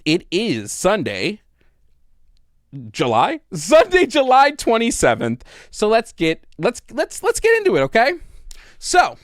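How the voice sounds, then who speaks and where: A young man hosts a live talk show from a small studio. His voice sits high and leaps around a lot, loose and chatty, and the room sounds close and dry. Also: huge pitch swings, unhurried, no room sound.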